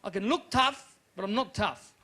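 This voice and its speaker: A man doing an animated live stand-up routine, sometimes shouting in character. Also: high voice, moderate pace. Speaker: stand-up comedian.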